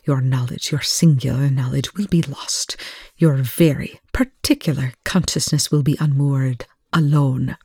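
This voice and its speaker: A reader voicing a cold, menacing alien captor with a measured, ominous delivery, recorded in a dry room. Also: medium pitch, fairly even intonation, a little mellow, husky, dry recording.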